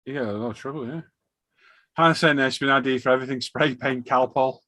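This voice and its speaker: A man's voice: mid-range voice, fast, no room sound. Chatty man with a dry close sound. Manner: animated storyteller acting out shop exchanges. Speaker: live stream host. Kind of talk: casual chat.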